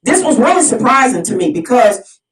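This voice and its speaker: A woman's voice: fairly high pitch, big pitch swings, normal speed. A woman delivering an impassioned solo monologue as host of her own video series, preachy and fired up, often repeating and restarting her phrases. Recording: roomy sound, mic at a distance.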